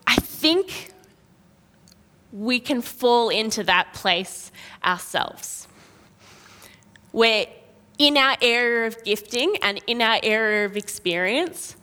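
A woman preaching a sermon, telling a Bible story in a lively way and acting out the quotes. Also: on the high side, slow, long pauses. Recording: long reverb of a large hall.

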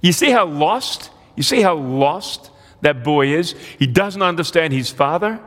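A male pastor preaching a sermon, telling a parable in an animated way and acting out the characters' lines. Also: a little high, measured pace. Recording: long hall reverb.

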